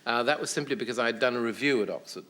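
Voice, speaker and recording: A man, a guest on a television chat show, telling anecdotes in a wry, hesitant way with many pauses and fillers. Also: medium pitch, fairly bright tone. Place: television studio.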